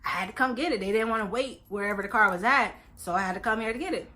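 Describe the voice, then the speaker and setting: A woman's voice: mid-range voice, fast, pushed and bright. A woman in her twenties telling a storytime vlog in a casual, slangy way, acting out both sides of each conversation. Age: 20s. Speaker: vlogger.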